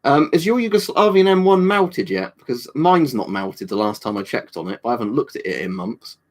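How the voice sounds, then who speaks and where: A man's voice: mid-range voice, big pitch swings, a little fast. A man hosting a casual livestream, chatting loosely with his viewers. He rambles from point to point, swears freely and drops jokey asides as he answers comments. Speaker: livestream host.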